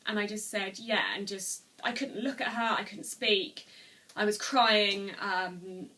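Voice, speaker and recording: A woman's voice: medium pitch, steady tone, measured pace, bright, forceful tone, distant mic. A woman in her twenties telling a personal story to camera at home, earnest and rambling with many restarts. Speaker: vlogger. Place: room at home, seated.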